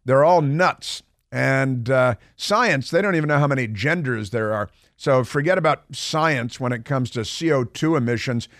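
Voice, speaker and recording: A man's voice: mid-range voice, moderate pace, few pauses, fairly bright tone, no echo, studio quality. Sarcastic male talk radio host. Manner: sarcastic, mocking asides. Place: radio studio. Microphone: studio microphone.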